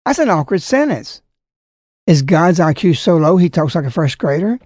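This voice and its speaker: A man's voice: a little high, very animated, moderate pace, a little mellow, dry recording, clean studio sound. A man giving impassioned religious commentary, preaching emphatically and hitting words hard.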